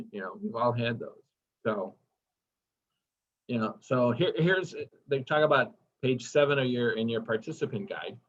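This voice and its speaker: A man's voice: mid-range voice, animated, a little slow, pauses often. A man giving a casual training lecture, enthusiastic and chatty, asking the class questions as he goes. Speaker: workshop instructor. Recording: dull lo-fi recording.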